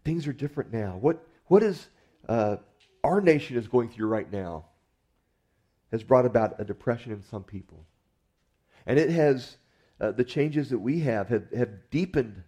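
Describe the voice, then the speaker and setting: A man's voice: mid-range voice, warm tone. A man preaching a sermon in an earnest, conversational way, often restarting his words as he goes. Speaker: pastor.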